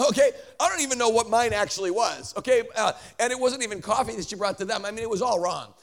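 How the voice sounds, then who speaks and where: Speaking quickly in a high, creaky voice, a traveling preacher delivers a story within a lively sermon. He frequently restarts and throws in joking asides.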